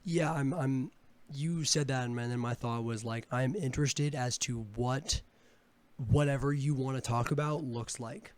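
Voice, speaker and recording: A man's voice: mid-range voice, steady tone, unhurried. Curious young man, casual swearing. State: sore throat. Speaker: podcast co-host. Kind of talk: casual chat.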